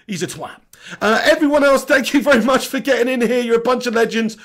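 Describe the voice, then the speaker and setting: A young man hosting a football channel, reading viewer comments in a chatty, blunt way while his voice is going hoarse. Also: very high-pitched, quick pace. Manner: chatty, matey shout-outs, blunt opinions. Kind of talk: casual live-stream chat, reading viewer comments.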